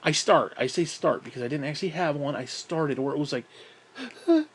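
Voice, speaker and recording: A man's voice: fairly high pitch, quick pace, a bit bright, breathy edge. A man telling a rambling, profane story in a casual monologue, slightly out of breath. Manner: profane, rambling, self-talk asides.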